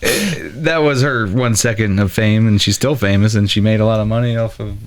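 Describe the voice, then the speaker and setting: A man in his late thirties, a podcast guest who talks in a halting way, thinking aloud in short bursts during a casual discussion. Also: lowish voice, over a noisy crowd. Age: 30s.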